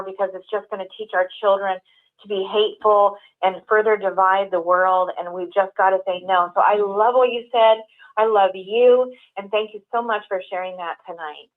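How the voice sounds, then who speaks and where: Earnest woman co-host on phone audio. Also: mid-range voice. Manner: earnest, speaks in long flowing runs. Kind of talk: heartfelt call-in talk. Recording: tinny phone-line audio.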